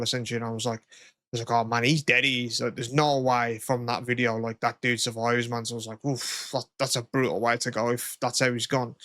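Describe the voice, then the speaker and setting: A young man rambles through stories on a podcast, cursing freely and tagging his sentences with "you know what I mean". His voice sits at an ordinary pitch, and the recording is dry and close. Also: a bit bright, no echo. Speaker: podcast co-host. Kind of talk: casual chat.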